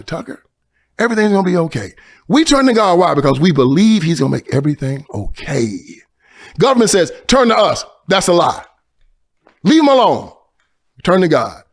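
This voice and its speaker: Impassioned man, lively pitch. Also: brisk. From Tennessee. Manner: impassioned, swings from loud emphasis to hushed storytelling. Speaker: guest. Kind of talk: preaching-style conversation.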